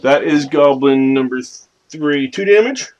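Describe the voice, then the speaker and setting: A man narrating as game master of a tabletop game played with his children, in a lively, playful way. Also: a little high, unhurried, lo-fi sound. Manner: lively, playful narration with sudden loud bursts.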